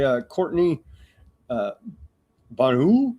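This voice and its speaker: A man's voice: medium pitch, lively intonation, a little slow, a little mellow. A man hosting a live political news commentary show, talking in a sarcastic, mocking way with lots of fillers and restarts.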